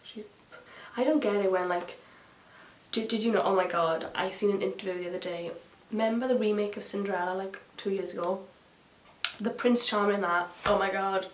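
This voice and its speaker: A woman talks through her makeup routine in a loose, gossipy ramble, full of "like" and side tangents. Her voice sits at a middling pitch and carries the echo of a bare room at home. A faint hiss runs underneath. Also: steady tone, brisk. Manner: rambling, gossipy, many fillers and asides. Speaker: beauty vlogger. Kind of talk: chatty get-ready-with-me makeup tutorial.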